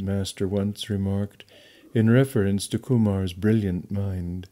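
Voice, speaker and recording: Low, mellow male audiobook narrator. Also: fairly even intonation. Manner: measured, deliberate reading. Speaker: audiobook reader. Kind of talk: scripted narration of a memoir.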